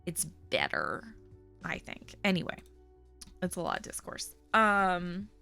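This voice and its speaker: Rambly lady streamer chatting to her viewers, bright tense voice, faint music behind. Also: lowish voice, wildly swooping pitch, slow pace, vocal fry. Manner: chatty, rambling, laughs often. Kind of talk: casual chat.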